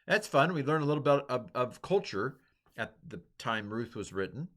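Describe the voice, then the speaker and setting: A man's voice: medium pitch, very animated, moderate pace, a bit bright. A middle-aged man giving a casual, chatty lesson on grammar, explaining with many fillers and asides. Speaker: teacher. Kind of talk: lecture on Hebrew grammar.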